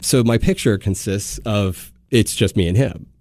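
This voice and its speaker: A man telling a long personal story in casual chat, animated, with frequent restarts. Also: on the low side, measured pace, dry recording, studio quality. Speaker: guest.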